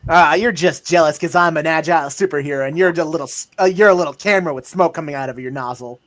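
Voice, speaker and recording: A man's voice: on the high side, quick pace, a bit bright, natural voice. A man voicing a cocky, wisecracking young male superhero while reading a comic aloud.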